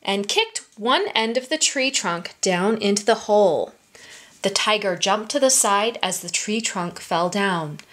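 A woman reading a children's storybook aloud at story time, in a slow, expressive manner for small children. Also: medium pitch.

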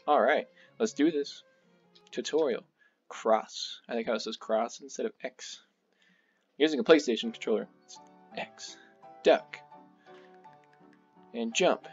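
A man hosting a gaming channel, chatting excitedly and casually while he plays, with lots of fillers. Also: medium pitch, unhurried, long pauses, husky, lo-fi sound, soft background music. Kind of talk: casual let's play commentary.

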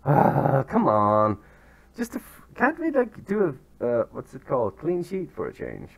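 A young man casually commentating his football management game, chatty and self-deprecating, with sudden excited yelps, recorded outdoors among turkeys. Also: medium pitch, unhurried, vocal fry, slightly rough.

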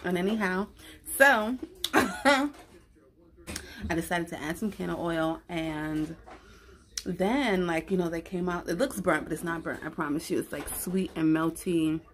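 A woman's voice: fairly low pitch, normal speed. Slangy, giggly woman vlogging a mukbang. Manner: relaxed, slangy, giggly, talks while eating. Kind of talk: casual eating chat to camera. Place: at home, indoors. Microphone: camera close to her face.

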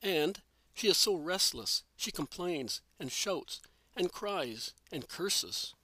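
An anxious male fisherman stammers and hesitates, as a male reader voices him. His voice is a little high, and the recording is dry and close with no echo. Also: animated, slow, bright, forceful tone, full character voice. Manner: nervous, stammering.

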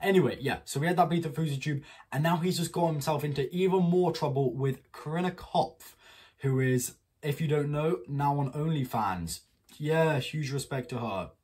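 A man's voice: fairly high pitch, moderate pace, darkish tone, slightly rough. A man giving blunt, opinionated commentary in a casual vlog and swearing freely. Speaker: commentary YouTuber.

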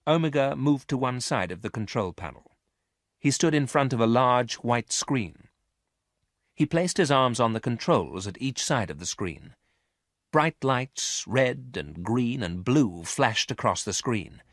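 A man reading a story aloud clearly and expressively, as an audiobook for English learners. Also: medium pitch, animated, measured pace, no room sound, studio quality. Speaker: narrator.

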